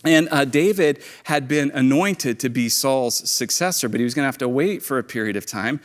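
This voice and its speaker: A man preaching a sermon as pastor, telling stories in an animated way and acting out what people said. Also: mid-range voice, moderate pace. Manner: storytelling, animated, acts out quoted lines. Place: church auditorium. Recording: echoey church hall.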